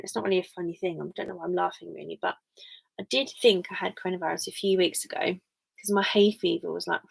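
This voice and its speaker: A woman's voice: mid-range voice, gravelly, breathy edge. A young English woman live streaming, chatting casually and rambling to her viewers. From England. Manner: rambling and chatty, full of fillers.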